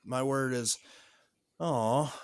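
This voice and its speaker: A man's voice: medium pitch, extremely slow, a little hiss or hum. A man co-hosting a casual podcast, dropping wry, dry one-liners. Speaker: podcast co-host.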